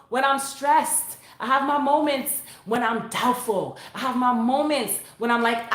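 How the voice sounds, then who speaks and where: A woman chatting casually with viewers on her phone, animated and talkative. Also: a little high, moderate pace, few pauses. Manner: animated, chatty, bursts into sung vocal runs. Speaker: vlogger. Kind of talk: casual live chat to viewers. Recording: echoey room on a phone.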